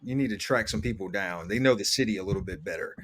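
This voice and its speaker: A man's voice: lowish voice, fast talker, a bit bright. A man co-hosting a podcast, making laid-back, wry asides in casual chat about a TV episode. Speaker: podcast co-host.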